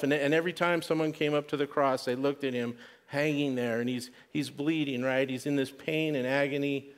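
A man preaching a sermon, earnest, restarting and repeating words, dropping to a hush for quoted prayer. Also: a little high, fairly even intonation, moderate pace. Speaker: pastor.

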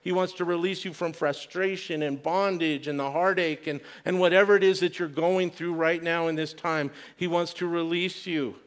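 A man preaching a sermon, earnest, restarting and repeating words, dropping to a hush for quoted prayer. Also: on the high side, steady tone, moderate pace, few pauses. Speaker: pastor.

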